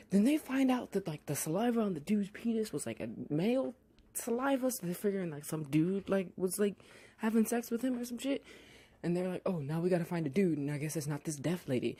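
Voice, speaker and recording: A podcast reviewer recapping a TV episode in a casual, profane way, with sarcastic asides and lively put-on voices for the characters. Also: medium pitch, slightly rough. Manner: blunt, sarcastic asides, heavy swearing; drawn-out, animated voices when quoting characters.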